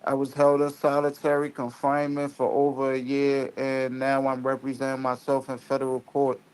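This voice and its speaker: A man in his twenties from Staten Island, calling in to a live stream and earnestly telling his story with halting restarts. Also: medium pitch, monotone, clean tone, low-quality recording. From Staten Island, New York. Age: 20s. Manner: earnest, halting, repeats himself. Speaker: caller guest.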